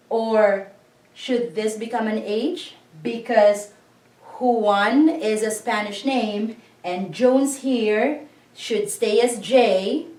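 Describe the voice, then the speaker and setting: A woman teaching a language lesson, slowly and patiently breaking words into syllables and asking learners to repeat. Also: fairly high pitch, a little mellow. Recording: echoey room, voice a bit far from the mic.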